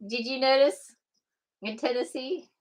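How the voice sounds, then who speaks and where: A woman's voice: sits high, fairly even intonation, unhurried. A woman from the US West Coast co-hosting a casual live chat from home, chatty and laughing often. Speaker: co-host.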